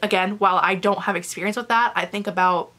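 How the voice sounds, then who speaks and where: A woman's voice: mid-range voice, fairly even intonation, quick pace, bright, forceful tone. Chatty young woman reviewing books. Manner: chatty and candid, swears casually, emotional. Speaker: book reviewer. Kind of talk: casual book review vlog.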